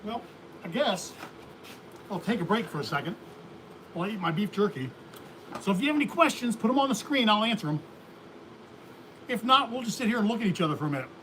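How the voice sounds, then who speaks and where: A man's voice: high voice, very animated, fast talker, long pauses, fairly bright tone, a little hiss or hum. A man hosting a beekeeping livestream, chatting casually in a folksy, rambling way and laughing often. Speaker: beekeeping channel host.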